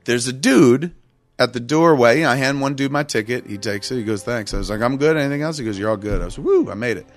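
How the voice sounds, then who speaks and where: A man's voice: mid-range voice, fast. A man casually telling a long, rambling, profane story on a podcast, acting out what everyone said. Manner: profane, rambling, acts out quotes.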